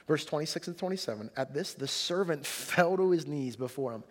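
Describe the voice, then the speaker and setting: A man's voice: on the high side, animated, a little fast, hardly any pauses, big-room sound. A man preaching a sermon in a conversational way, retelling a scripture story and pushing hard on its key lines. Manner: conversational preaching, rising emphasis on quotes. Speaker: pastor.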